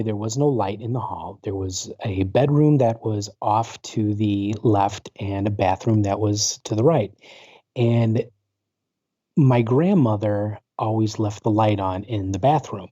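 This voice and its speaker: A man's voice: on the low side, a little slow, dark tone, no echo. A man in his forties, guest on a talk show, telling a personal story in a rambling way full of fillers and restarts over a video call. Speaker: guest, paranormal researcher. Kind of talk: casual storytelling interview. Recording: dull lo-fi internet call audio.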